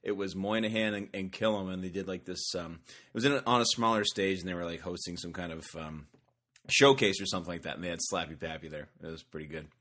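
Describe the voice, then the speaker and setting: A man co-hosting a podcast in casual chat, joking around and dropping into quick impressions. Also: deep voice, bright, forceful tone. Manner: chatty, quick to joke and do impressions. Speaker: podcast co-host.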